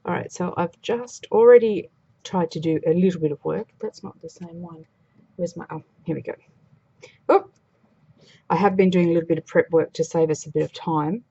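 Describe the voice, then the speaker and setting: A woman's voice: fairly low pitch, moderate pace, warm tone, husky, highs cut off. A woman demonstrating a craft project in a chatty, casual way, thinking aloud as she works. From Australia.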